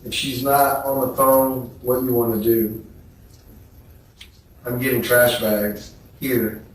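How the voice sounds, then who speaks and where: A man testifying at a trial, reading text messages aloud in a slow, subdued, flat way. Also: mid-range voice, slight background noise. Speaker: trial witness. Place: courtroom. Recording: echoey courtroom from far off.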